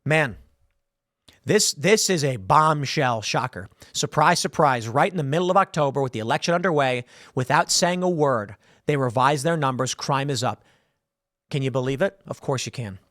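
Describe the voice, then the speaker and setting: A man's voice: medium pitch, moderate pace, dry recording, clean studio sound. A man hosting a solo political commentary show, telling stories sarcastically and mocking the people he quotes. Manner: sarcastic, animated storytelling with mocking quoted voices.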